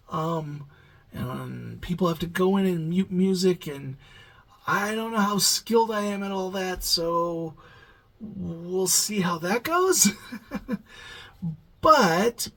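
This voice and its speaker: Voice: mid-range voice, a bit bright, poor audio. A YouTube reaction host talking casually late at night, sleepy and yawning, rambling with lots of hesitant fillers.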